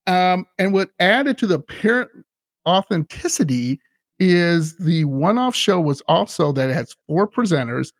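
A man hosting a casual podcast chat, animated and laughing often as he retells scenes. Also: high voice, unhurried, no room sound. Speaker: podcast host.

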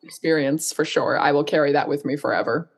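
A woman's voice: deep voice, a little fast, breathy edge. A young woman who is a guest on a podcast, enthusiastically recounting an event in casual conversation. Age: young adult. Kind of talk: casual interview chat.

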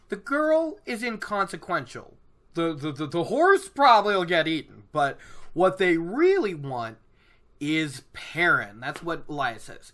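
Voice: medium pitch, big pitch swings, measured pace, fairly bright tone. A host casually recapping a fantasy novel chapter, chatty and rambling, with lots of fillers. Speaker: book podcast host.

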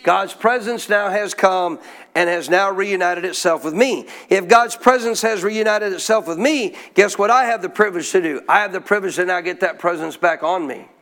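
A man's voice: high voice, moderate pace, fairly bright tone. A man preaching a sermon in a church, putting questions to the congregation and drawing answers back in call-and-response. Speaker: pastor.

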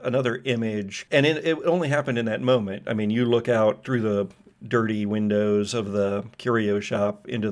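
A man narrating vivid scenes as game master of a tabletop role-playing game. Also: lowish voice. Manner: vivid descriptive storytelling.

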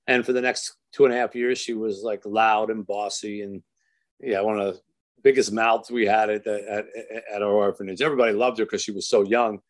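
A man as an interview guest, telling a story in an earnest, measured way and slowing down for emphasis. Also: on the low side. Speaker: author and guest.

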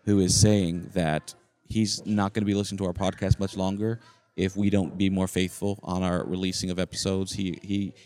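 Very deep-voiced chatty man. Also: level tone, normal speed, a little mellow. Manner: rambling, chatty, narrates what he sees. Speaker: podcast co-host. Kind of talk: casual chat. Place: campground, indoors in a noisy shared space.

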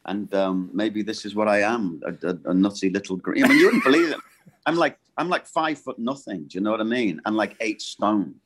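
A middle-aged man with a deep, low voice talks casually as an interview guest. He rambles and restarts often, circling his thoughts in a relaxed conversational way. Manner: rambling, halting and self-correcting. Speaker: voice actor guest.

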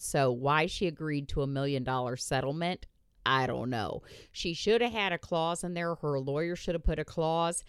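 A woman's voice: low-pitched, clean tone, no room sound. Woman podcaster ranting, lots of cussing, voice jumps all over, dry close sound. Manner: blunt, profane ranting. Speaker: podcast host. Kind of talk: casual chat.

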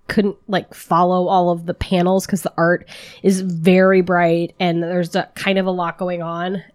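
A woman co-hosting a comics podcast, chatting casually with lots of "like" and small laughs. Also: lowish voice. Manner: chatty, full of "like" and little laughs. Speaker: podcast co-host. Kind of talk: casual chat about comics.

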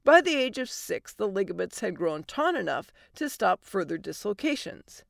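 A woman's voice: medium pitch, big pitch swings, normal speed, creaky, no echo. A woman hosting a storytelling podcast, narrating a comic story in a wry, dry manner.

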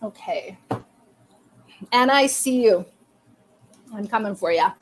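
A woman's voice: mid-range voice, expressive, slow pace. A woman hosting a live psychic reading stream, speaking encouragingly and directly to her viewers. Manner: warm encouraging talk, addresses viewers directly. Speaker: psychic reader and livestream host.

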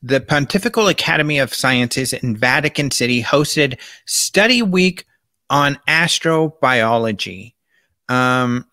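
A man hosts his show in a loose, chatty monologue, reading out quotes as he goes. His voice is bright and forceful, and it sits at a middle pitch. The sound is dry and close, with no room echo. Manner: chatty, gestures with his hands while talking. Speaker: host.

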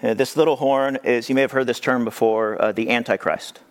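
A male pastor preaching a sermon in a conversational, animated way, with rhetorical questions. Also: fairly quick. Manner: animated, acts out quoted voices with big pitch jumps.

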